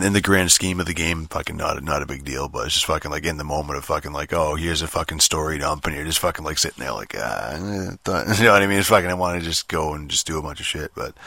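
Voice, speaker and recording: A man's voice: very deep voice, sharp tone, no echo, studio quality. A man reviewing a game in a casual, rambling way, swearing constantly and filling his talk with ums and likes.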